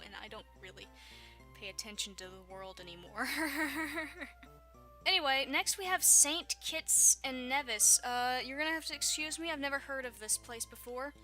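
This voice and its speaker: A woman in her twenties from Texas with a Southern accent, chatting casually to her viewers, rambling and laughing often. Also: fairly high pitch. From Texas, USA. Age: 20s. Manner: giggly, rambling, self-deprecating. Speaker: YouTuber. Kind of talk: casual vlog talk.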